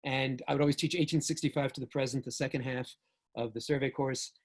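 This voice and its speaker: An older man from New York with a New York accent, giving a joking, animated talk with sudden jumps in loudness. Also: mid-range voice, fast. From United States. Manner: animated storyteller, jokey, swings between loud and soft. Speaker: speaker. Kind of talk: lecture talk.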